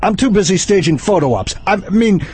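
An actor playing a clueless, showboating male president with a husky voice, in a satirical sketch. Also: high-pitched, normal speed, slight background noise. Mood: smug. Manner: pompous, bumbling deadpan.

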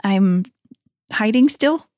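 A woman playing a tabletop game, reading rules aloud in an unhurried way. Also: mid-range voice, animated, a little mellow, no echo, studio quality. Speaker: player. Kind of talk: casual tabletop play.

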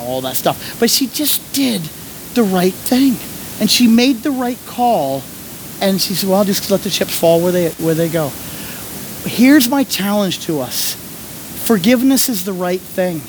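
A man preaching and telling a story, animated, shouting when he acts out scenes. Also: high-pitched, normal speed, a little hiss or hum. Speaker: pastor and coach. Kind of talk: sermon with storytelling.

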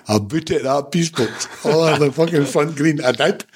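A man's voice: fairly high pitch, normal speed, hardly any pauses, slightly rough. A Scottish man in his seventies, a former football manager, telling stories in a casual interview, blunt and swearing freely with laughs between. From Scotland. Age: 70s.

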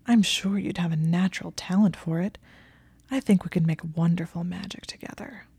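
A woman voicing a haughty young male wizard who talks in a theatrical, plaintive and lofty way, with a gravelly, mellow voice. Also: fairly low pitch, fairly even intonation, moderate pace, dry recording, heavily acted. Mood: cajoling.

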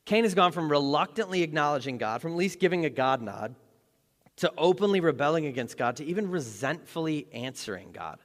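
A man's voice: on the high side, expressive, a little fast. A male pastor preaching a sermon in a conversational, joking way with dramatic emphasis, in a large church hall.

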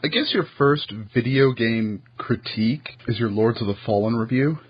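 An American man interviewing a guest, asking measured, prepared questions over a muffled remote call. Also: mid-range voice, slightly rough. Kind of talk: casual interview conversation.

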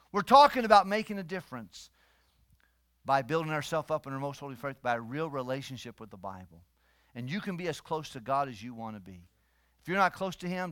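A man's voice: on the high side, dry recording, studio quality. Man preaching with emphatic swings. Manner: emphatic preaching, swings between soft and loud. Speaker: pastor. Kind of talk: sermon.

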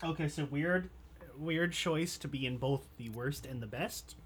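A man's voice: on the high side, measured pace, a bit bright, a little hiss or hum. A man co-hosting a casual podcast, blunt and swearing, hedging his opinions. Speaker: podcast co-host. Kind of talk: casual chat.

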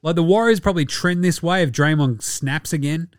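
An Australian man riffs through casual basketball commentary, swearing often and rambling. His voice sits a bit high and sounds dry and close, with faint music underneath. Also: fairly quick, no echo. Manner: profane, rambling, jokey. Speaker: podcast host.

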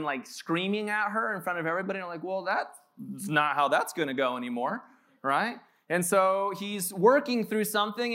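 A man's voice: high voice, fairly bright tone. A man in his thirties, a pastor telling joking, casual stories in a sermon at a church. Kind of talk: conversational sermon. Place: church sanctuary.

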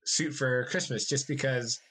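A man's voice: mid-range voice, a little slow, slightly rough. A young man co-hosting a podcast, chatting casually and rambling with lots of fillers. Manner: relaxed, rambling with frequent fillers and laughs. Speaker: podcast co-host. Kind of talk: casual chat.

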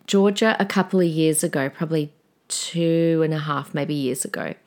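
An Australian woman in her forties, hosting a parenting podcast in a chatty, conversational monologue full of fillers and lively storytelling. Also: low-pitched, normal speed.

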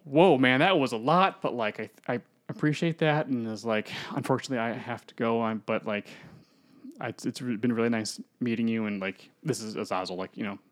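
A man's voice: medium pitch, a little fast. Man rambling through a movie plot. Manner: rambling storyteller who acts out characters. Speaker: podcast co-host. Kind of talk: casual podcast plot recap.

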